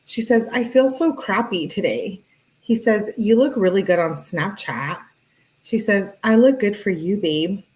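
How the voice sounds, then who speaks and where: A woman with an ordinary middle-pitched voice reads text messages aloud in a relaxed, chatty way. She breaks off to comment and talk to her viewers between the lines. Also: measured pace, low-quality recording. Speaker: true crime commentator.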